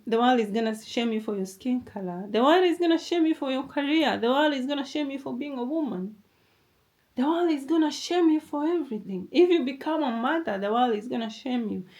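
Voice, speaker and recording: A woman's voice: fairly high pitch, a little mellow. Emphatic accented woman giving a pep talk. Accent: non-native English accent. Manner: emphatic, repetitive, calls listener darling. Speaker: motivational vlogger. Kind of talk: motivational talk to camera.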